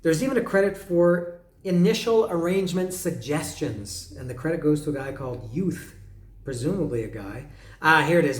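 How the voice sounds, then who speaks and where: Guy rambling about an album, kinda high voice, humming tunes, echoey room. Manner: musing, hesitant, humming melodies and reading lyrics aloud. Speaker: podcast host reviewing an album. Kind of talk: casual solo commentary.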